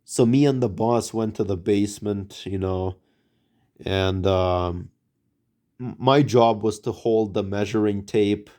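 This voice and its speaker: A man's voice: fairly low pitch, slow pace, mellow. A man casually telling a story to his camera, rambling and hesitant with many fillers and restarts.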